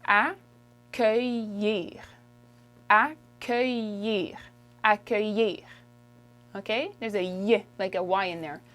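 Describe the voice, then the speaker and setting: A woman from Quebec teaching French, who says each word slowly and repeats it for the learner. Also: medium pitch, fairly bright tone, soft background music. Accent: Québécois French. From Quebec, Canada. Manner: patient, drills words slowly and repeats them. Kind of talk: video language lesson.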